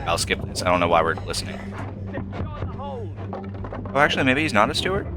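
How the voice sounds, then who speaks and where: A young man doing let's play commentary, thinking aloud and hesitating, with sudden excited jumps. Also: low voice, fairly quick. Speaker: gameplay commentator. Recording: faint game music behind.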